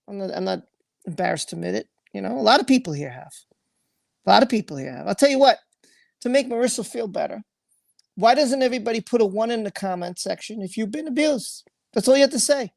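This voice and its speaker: A livestream host speaks in an expressive, high-pitched, creaky voice at a fairly quick pace, with no echo. Going through viewer comments, he talks with emotional earnestness, repeats himself, and swears freely.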